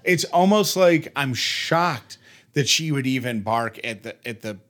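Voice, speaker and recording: A man co-hosting a relaxed podcast chat. His pitch swings widely as he talks, and he slips into playful impressions of others while telling stories. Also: a little slow. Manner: animated, playfully mimics others mid-story. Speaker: podcast co-host. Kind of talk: casual chat.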